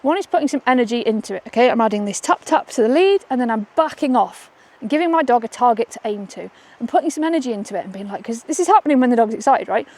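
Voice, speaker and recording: Upbeat female dog trainer, slightly high voice, filmed outdoors on a walk. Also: lively intonation, fast talker, few pauses, darkish tone. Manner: chatty, upbeat, keeps asking "okay?". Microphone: camera she holds while walking.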